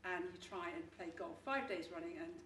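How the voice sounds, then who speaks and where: Chatty laughing woman, bright voice. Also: lowish voice, brisk, reverberant, recorded from a distance, a little hiss or hum. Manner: chatty, laughing, restarts often. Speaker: testimonial speaker. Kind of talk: casual story-telling before an audience.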